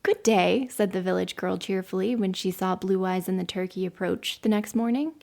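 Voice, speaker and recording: A woman podcast host reading an old story aloud in a measured storytelling way. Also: medium pitch, steady tone, vocal fry, mellow.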